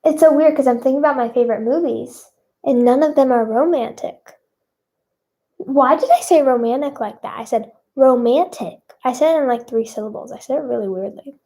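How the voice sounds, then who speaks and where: A woman's voice: sits high, a little fast, warm tone. A young woman singer answering fan questions in casual chat, bubbly and self-conscious, with many fillers.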